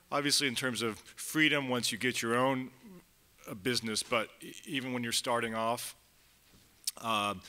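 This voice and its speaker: A man's voice: medium pitch, bright, forceful tone. A man speaking for a vendors' group on a conference panel, telling members' stories in a plain, conversational way. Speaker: advocate for street vendors. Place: conference hall.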